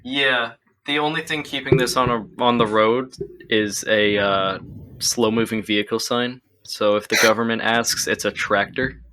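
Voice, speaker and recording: A man's voice: mid-range voice, steady tone, normal speed, a crowd in the background, low-quality recording. A young man co-hosting a podcast, chatting casually and joking while showing his restoration project. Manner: joking, laughs often, trails off with ums. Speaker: podcast co-host presenting his vehicle restoration. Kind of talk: casual chat.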